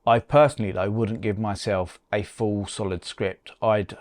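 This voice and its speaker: A man co-hosting a podcast, giving practical advice in a relaxed, chatty way and often restarting words. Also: fairly low pitch, normal speed, no echo, studio quality. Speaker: podcast co-host. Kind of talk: casual advice chat.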